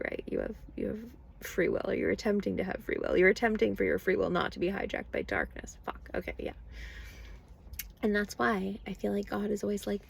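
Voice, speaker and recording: Rambling woman with a gravelly voice. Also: mid-range voice, sing-song, a little fast. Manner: rambling, profane, conversational. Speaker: vlogger. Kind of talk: casual spiritual monologue.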